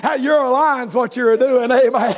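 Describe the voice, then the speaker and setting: A preacher, a man with a strikingly high voice, delivers a revival sermon. He hollers and slides into a sing-song cadence, dropping amens between his lines. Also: fairly even intonation, normal speed.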